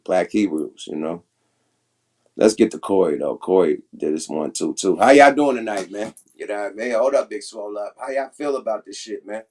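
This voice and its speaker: A man's voice: on the low side, darkish tone. A man hosting a casual livestream, talking loosely and emphatically with plenty of profanity. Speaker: livestream host.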